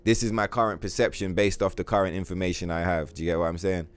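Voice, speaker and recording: A man's voice: low voice, fast talker, clean tone. Rambling, swearing male game streamer. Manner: rambling, animated, heavy swearing and slang. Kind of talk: casual livestream chat while gaming.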